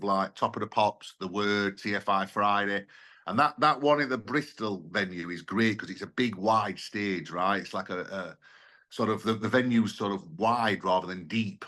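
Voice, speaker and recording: Enthusiastic man, low voice. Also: a bit bright. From Sheffield, England. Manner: enthusiastic, chatty, tag questions. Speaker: guest, event promoter and musician. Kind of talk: casual radio interview.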